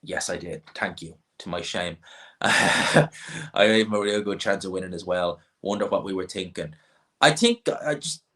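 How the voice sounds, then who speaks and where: A low-pitched, fairly bright voice belongs to a young Irish boxing channel host. Answering questions from chat, he rambles casually and repeats himself.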